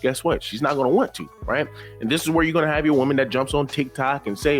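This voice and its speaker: Man, commentary host, lecturing, repetitive, emphatic, medium pitch, faint background music. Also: quick pace. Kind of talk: reaction commentary.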